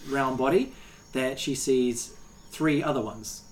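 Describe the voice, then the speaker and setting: A game master narrating a tabletop game in a slow, halting way, full of fillers. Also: medium pitch.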